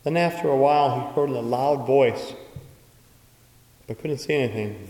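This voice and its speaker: A man's voice: mid-range voice, normal speed, dark tone. Male priest, conversational homily with storytelling, recorded in a reverberant church. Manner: storytelling with acted-out quotes. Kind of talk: sermon.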